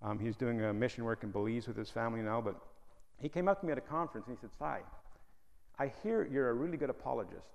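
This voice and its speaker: A man's voice: mid-range voice, fast, creaky, highs cut off. A man preaching a sermon, joking at times and pressing his listeners with rhetorical questions. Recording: hall reverb.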